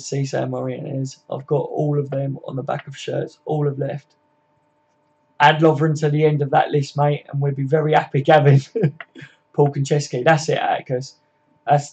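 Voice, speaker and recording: A man's voice: medium pitch, a little mellow, breathy edge, dull audio. A man hosting a casual live football chat, reading and answering viewer comments by name, swearing freely and laughing often. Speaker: livestream host.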